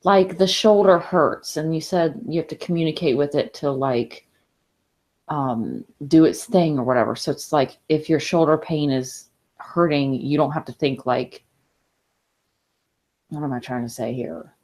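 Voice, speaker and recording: Female host, very low voice, tentative questions with lots of "like". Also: unhurried, darkish tone. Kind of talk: casual interview chat.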